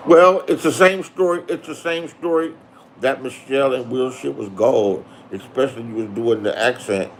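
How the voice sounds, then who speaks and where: In a mid-range voice at a moderate pace, a man rants angrily on YouTube, cursing and addressing his absent rivals head-on as he trades in online drama. Slight background noise is present.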